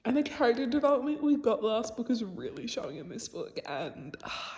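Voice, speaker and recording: A woman's voice: fairly high pitch, lively intonation, a little fast, creaky, a little mellow. A young woman chatting casually in a reading vlog at home by her bookshelves. She gushes about what she reads and often drops into a near whisper. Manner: gushing and chatty, drifts into whispers and laughter. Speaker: book vlogger.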